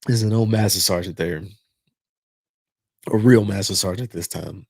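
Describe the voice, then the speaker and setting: A man's voice: on the low side, normal speed, long pauses, no room sound. A middle-aged man hosting a podcast, telling a long military story in a casual, profane way and acting out the voices of the people in it. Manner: profane, animated retelling with quoted voices. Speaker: podcast host.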